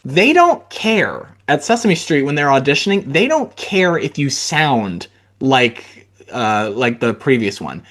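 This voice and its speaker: A man's voice: medium pitch, big pitch swings, a little slow, fairly bright tone. A male podcast host with a mid-range voice, chatting casually with a guest. He hesitates often and fills gaps with ums and uhs as he thinks aloud. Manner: hesitant, lots of fillers. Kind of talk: casual interview chat.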